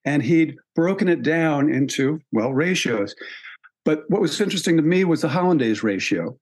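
A man's voice: on the high side, lively intonation, moderate pace, darkish tone. Thoughtful man musing with ums. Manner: thoughtful, with frequent ums and restarts. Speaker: author and podcast guest. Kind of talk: relaxed conversational interview talk.

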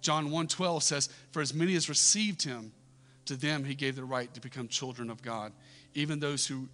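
A man's voice: medium pitch, moderate pace, pushed and bright, soft background music. A male pastor preaching a sermon in a church. He talks in a conversational way and builds to emphatic repeated questions. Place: church sanctuary. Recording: long hall reverb.

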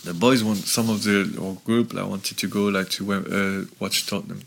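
Lowish-voiced man telling stories. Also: normal speed, creaky, slight background noise. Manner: rambling, filler-heavy, animated storytelling. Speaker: interview guest, former footballer. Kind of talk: casual anecdote telling.

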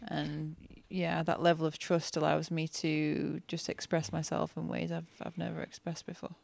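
A woman's voice: low-pitched, flat delivery, normal speed, gravelly, a little mellow, no room sound. A woman co-hosting a podcast, chatting casually in an earnest, reflective way. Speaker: podcast co-host, partner of the host.

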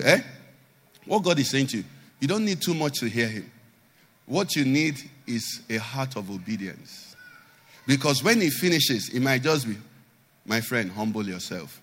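A man's voice: on the high side, a bit bright, big-room sound. A man pastor, preaching a sermon animatedly and asking the congregation rhetorical questions.

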